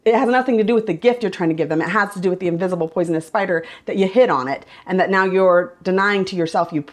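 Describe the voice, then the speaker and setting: A woman vlogger and mother telling a story in a chatty, lively way, quoting herself as she goes. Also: mid-range voice, fast. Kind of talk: casual storytelling vlog.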